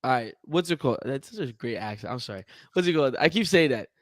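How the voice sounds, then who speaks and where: A fast-talking man with a mid-range voice co-hosts a podcast, chatting animatedly and casually about sports. He's jokey and hesitant, with lots of fillers, and the audio is clean studio sound without any room sound.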